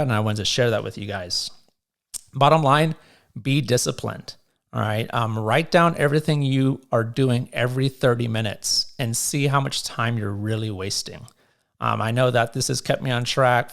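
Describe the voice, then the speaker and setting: A male podcast host at an ordinary, middle pitch, talking through his week in a relaxed, encouraging way. He coaches listeners on discipline and habits, filling his sentences with loose ums and uhs as he goes. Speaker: podcast host and real estate agent. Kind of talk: solo motivational podcast talk.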